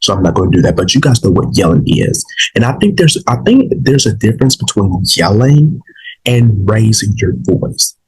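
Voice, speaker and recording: A man's voice: on the low side, big pitch swings, normal speed, a little mellow, husky, rough recording. A man, a little sick and saving his voice, talking casually to his viewers in a rambling way, with many fillers and restarts. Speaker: vlog host. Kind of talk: casual opinion talk to viewers.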